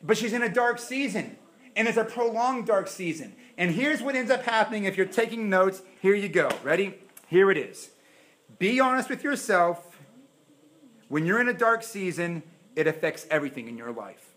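Animated preacher man, high lively voice. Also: moderate pace. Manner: animated preaching, acts out quoted prayers, swings from loud to hushed. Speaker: pastor. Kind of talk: sermon. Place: church.

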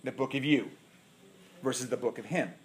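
A man's voice: medium pitch, moderate pace. A man preaching a sermon as pastor, emphatic, repeating his points and asking the congregation questions, in an echoey church. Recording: echoey room.

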